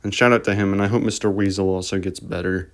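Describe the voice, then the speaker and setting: A man's voice: low voice, steady tone, quick pace. A man hosting a reaction video, talking in a casual, rambling voice-over. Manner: rambling, offhand remarks.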